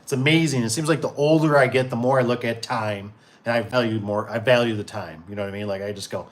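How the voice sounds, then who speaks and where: A man's voice: medium pitch, fairly even intonation, quick pace. A man in his forties hosting a casual livestream for his door and gate business. He reads viewer comments aloud and rambles easily, with many fillers and restarts. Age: 40s.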